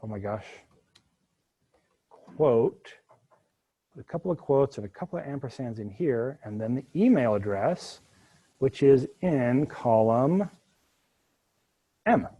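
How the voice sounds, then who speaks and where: A university instructor teaches a live spreadsheet coding lecture in a mid-range, breathy voice, going slowly with long pauses. He's animated, walking through each step of the code with jokey asides. The recording sounds muffled.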